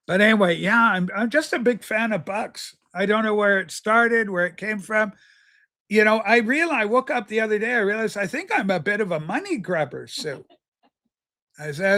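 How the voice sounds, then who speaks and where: A man with a high, bright voice hosts a casual livestream from home. He rambles and jokes, answering chatters by name. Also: expressive, moderate pace. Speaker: livestream host. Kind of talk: casual livestream chat reading viewer comments.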